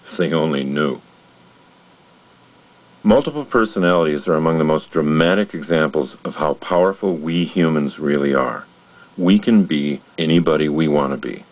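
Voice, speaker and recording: A man giving an earnest, measured motivational narration about personality and change. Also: sits low, rough recording.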